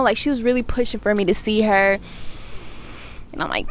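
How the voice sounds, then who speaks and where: Young woman, casual monologue, profane, animated, mid pitch. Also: moderate pace, slight background noise. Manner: profane, animated retelling of her day. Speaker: podcast host.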